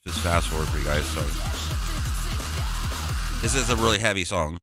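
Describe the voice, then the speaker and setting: A man's voice: deep voice, moderate pace. A man, a music producer, giving a loose, digressive tutorial walkthrough.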